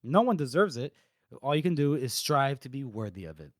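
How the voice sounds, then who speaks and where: A man voicing a calm, scheming old wizard adviser with a smooth, patronizing, measured manner. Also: mid-range voice, dry recording, clean studio sound, pitched below the performer's own voice, lightly acted. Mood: smug.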